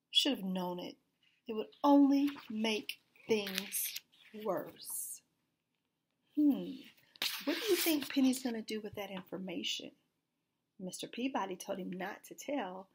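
Storybook reader, woman, lively pitch, slightly husky. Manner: expressive, animated reading. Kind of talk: storybook read-aloud.

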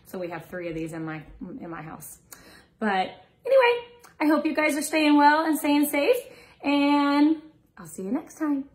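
A woman in her thirties, a preschool teacher reading a picture book aloud to young children in a warm storytime voice. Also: high voice, very animated, normal speed, rough recording. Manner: warm sing-song storytime voice, barking the dog parts.

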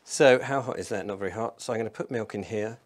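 Talking quickly in a low voice, a man from England makes a casual cooking vlog, picked up by a microphone in a room. He's chatty and self-deprecating, thinking aloud as he goes.

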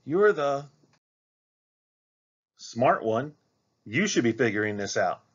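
Man voicing an anxious young boy, raised pleading voice, lively pitch, storybook reading. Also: slow, breathy edge, lo-fi sound, heavily acted. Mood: worried, defensive. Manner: pleading, worried.

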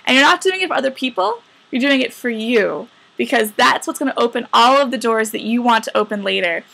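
A woman's voice: on the high side, brisk, vocal fry, pushed and bright. A young woman in her twenties, a former camper, telling campers a story and giving upbeat advice. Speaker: camp alumna. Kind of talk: recorded message to campers.

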